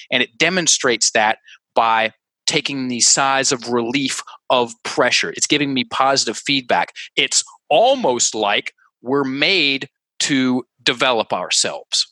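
Brief: man, interview guest and coach, animated delivery with lots of repeated words, bright, forceful tone, dry close sound. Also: mid-range voice, dry recording, poor audio. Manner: animated, repeats words while working through examples. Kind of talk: conversational interview, teaching by example.

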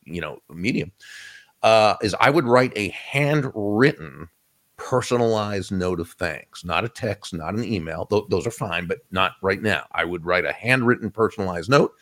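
A man's voice: fairly low pitch, normal speed, a bit bright. A man interviewed as a guest, giving reflective advice in a conversational way, often restarting his phrases. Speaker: guest author.

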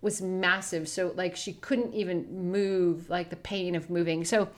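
A woman's voice: lowish voice, fairly even intonation, unhurried. A young adult woman co-hosting a faith podcast, telling a personal story in an earnest, reflective way. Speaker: podcast co-host.

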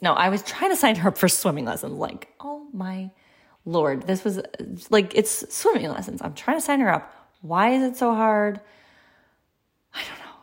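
A woman in her thirties talks on her podcast in a casual, confessional way. Her voice sits a little low, and she fills her sentences with "like" and small restarts as she tells her story. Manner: candid and chatty, many "like" fillers. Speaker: podcast host.

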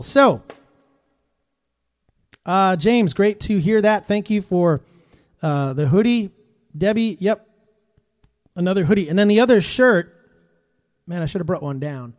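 A man with a notably high voice hosts a live stream from a room in his home, talking into a phone. He chats loosely, greets viewers by name, reads out their comments, and breaks off to talk to his pet. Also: darkish tone. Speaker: Christian musician hosting a live stream. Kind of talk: casual live-stream chat.

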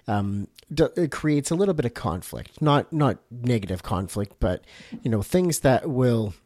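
Brief: Canadian male podcast host, average pitch, upbeat and supportive interviewer. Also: darkish tone. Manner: friendly, encouraging, frequent short affirmations. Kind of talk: casual interview.

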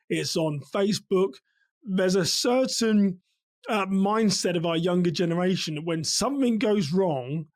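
High-voiced man, dry sound. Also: no room sound. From England. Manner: measured, earnest, repeats key points. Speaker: podcast host. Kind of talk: commentary on a crime case.

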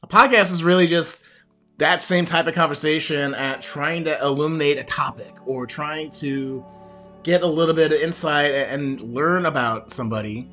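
A man's voice: fairly high pitch, moderate pace, sharp tone, soft background music. A man hosting his own podcast and talking alone to a camera as a coach, reflective and rambling, with many fillers and restarts. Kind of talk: solo podcast monologue.

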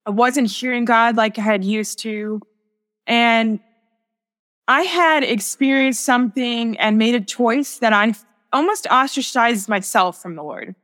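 A woman's voice: fairly high pitch, unhurried, fairly bright tone, big-room sound. A young woman, a sacred artist, speaking as a guest in a podcast interview, telling a personal faith story in an earnest, reflective way with many restarts.

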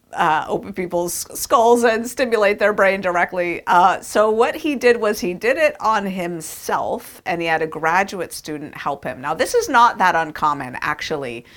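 A woman with a fairly low voice tells a science story to listeners. She talks in a conversational, emphatic way, leaning on words and dropping fillers as she goes. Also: a bit bright. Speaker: speaker. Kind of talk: storytelling talk.

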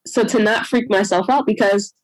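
A woman's voice: medium pitch, normal speed, a crowd in the background, rough recording. A young adult woman telling her own birth story in a conversation, emotional and retelling what others said. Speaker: guest sharing a birth story.

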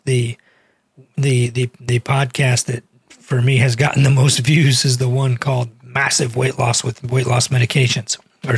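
A man's voice: medium pitch, slightly rough, dry recording. A man who is a cardiologist and weight loss doctor, telling a patient story in a chatty, earnest podcast manner. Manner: earnest, chatty, many fillers.

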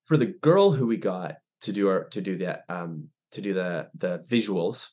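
A young man, a ministry director, telling stories as a podcast guest, animated and full of restarts. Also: sits low, normal speed. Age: young adult. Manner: animated storyteller, many restarts and fillers. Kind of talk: casual interview chat.

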